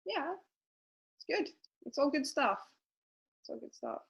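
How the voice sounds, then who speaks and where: A woman's voice: high voice, lively intonation, a little slow, creaky, highs cut off. A woman co-hosting a casual reflective chat, speaking emphatically and reassuringly, often repeating herself. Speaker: co-host.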